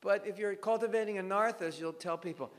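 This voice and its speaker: A man giving a devotional scripture class, telling stories in an animated way and acting out bits of dialogue. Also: high-pitched, a little fast, long reverb tail.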